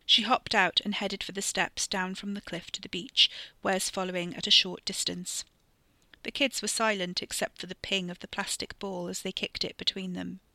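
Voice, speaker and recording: Bright, dry-voiced horror story narrator. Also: mid-range voice, little pitch movement, normal speed, vocal fry, dry recording. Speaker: podcast storyteller.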